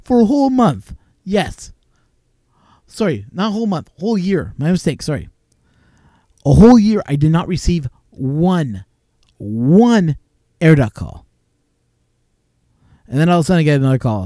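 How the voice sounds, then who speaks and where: Mellow-voiced man, rambling on stream. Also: a little high, sing-song, normal speed, long pauses, no echo, clean studio sound. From Canada. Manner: rambling, chuckling storytelling with many fillers. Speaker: live streamer. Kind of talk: casual live-stream chat and storytelling. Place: home, talking on a live stream.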